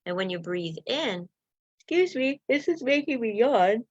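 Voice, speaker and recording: A woman coaching listeners through self-help steps and breathing exercises in a gentle, encouraging way. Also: fairly high pitch, lively intonation, unhurried, dry recording, highs cut off. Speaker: wellness coach. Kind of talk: guided self-help talk.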